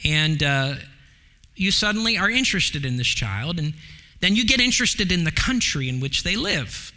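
A man preaching a sermon as pastor, animated, with big swings from excited highs to hushed lows and the odd filler.

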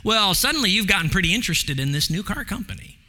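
Animated bright-voiced male pastor preaching. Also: fast talker. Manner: animated preaching with big pitch swings and fillers. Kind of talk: sermon.

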